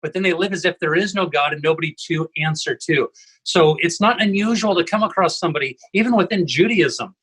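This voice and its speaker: A man with a high, bright voice and a husky edge, talking on a home video call. He co-hosts a relaxed panel discussion and makes his points through anecdotes, often asking "right?" to pull his listeners along. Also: brisk, rough recording. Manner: storytelling, tags lines with "right?". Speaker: co-host, evangelism trainer.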